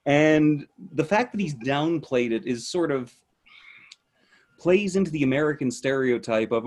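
A man's voice: on the high side, animated, unhurried, a little mellow. A Canadian man with a Canadian accent, a guest on a podcast, chatting in a wry, joking way. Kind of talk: casual chat.

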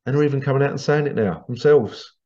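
A man's voice: mid-range voice, fast talker, warm tone, muffled recording. A man hosting a podcast monologue, ranting in an indignant, sarcastic way and swearing casually. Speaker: podcast host.

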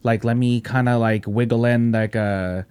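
A young man hosting a podcast, telling stories in a loose, profane, animated way and laughing often. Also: mid-range voice, moderate pace, smooth. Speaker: podcast host. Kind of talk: casual podcast chat.

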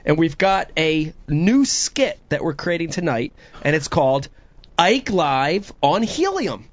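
A man hosting a casual live web show, excitable and quick to laugh. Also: on the high side, slight background noise. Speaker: host. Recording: dull lo-fi sound.

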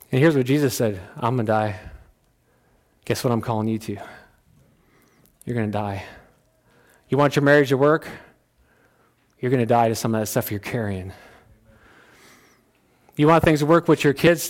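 A pastor preaching in a folksy, conversational way. He pushes his voice up high and loud to drive a point home, then drops to a low, quiet tone for asides. His voice sits at a middle pitch for a man. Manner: folksy, plain-spoken preaching. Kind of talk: sermon.

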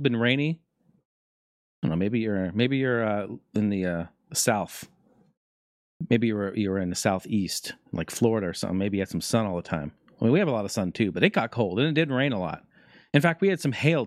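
A man hosting a casual talk show, rambling through news and stories in a profane, joking, animated way. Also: fairly low pitch, fairly quick, dry recording, clean studio sound. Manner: profane, jokey, animated storytelling. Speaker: podcast host.

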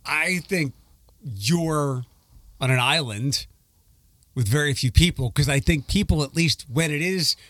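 A man's voice: fairly high pitch, unhurried, fairly bright tone, no room sound. A man co-hosting a podcast in casual chat, talking in a chatty, sarcastic way with frequent restarts. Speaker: podcast co-host.

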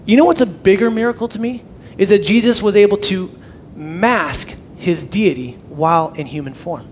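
A young man preaching with a high, bright-pitched voice, animated and quick to swing from loud emphasis to soft near-whispers. His sermon carries a faint layer of background noise. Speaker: pastor.

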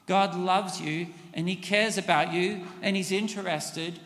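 Male pastor, sermon, earnest, slightly high voice, long church reverb. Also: steady tone, unhurried, few pauses, fairly bright tone. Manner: earnest, leads the congregation in repeated prayer lines.

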